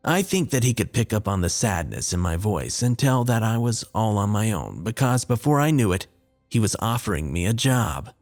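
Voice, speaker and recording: A man's voice: lowish voice, sing-song, moderate pace, a little mellow. A man narrating a scripted horror story in a wry, dry, confessional tone. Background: faint music.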